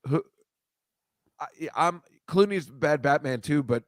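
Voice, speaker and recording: A man's voice: mid-range voice, expressive, slow, long pauses, no echo, studio quality. A man hosting a casual comedy chat show, rambling and self-deprecating, stammering and restarting as he goes. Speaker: host.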